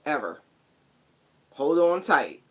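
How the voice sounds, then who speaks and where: A woman's voice: low voice, sing-song, slow, husky. A woman giving a casual spiritual tarot reading, chatty and emphatic, with casual swearing. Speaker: tarot card reader.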